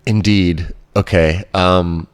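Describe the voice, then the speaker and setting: A man hosting a podcast interview, talking slowly and reflectively, gently affirming his guest. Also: low-pitched, fairly even intonation, smooth, no room sound. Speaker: podcast host. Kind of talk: conversational interview.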